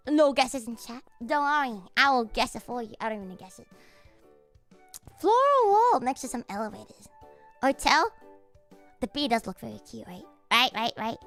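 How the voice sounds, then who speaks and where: A female streamer chats casually on a livestream with a fairly high voice. She's excitable, swears freely, and keeps breaking into laughter.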